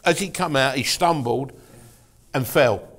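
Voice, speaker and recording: A man's voice: mid-range voice, a little slow, fairly bright tone. A man from England telling a blunt, swearing racing anecdote, checking in with "right?". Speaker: guest storyteller.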